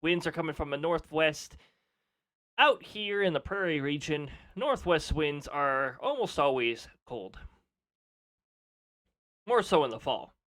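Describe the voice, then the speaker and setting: Man, casual stream chat, fairly high voice, lively swooping pitch, laughs a lot. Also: unhurried, pauses often. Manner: chatty, laughs often, reads weather readouts aloud.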